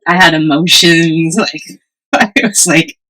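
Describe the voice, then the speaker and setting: A woman's voice: deep voice, measured pace, poor audio. A woman co-hosting a podcast, chatting casually and telling a personal story with animation, often laughing and acting out what others said. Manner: animated, acts out quoted voices, laughs often. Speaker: podcast co-host.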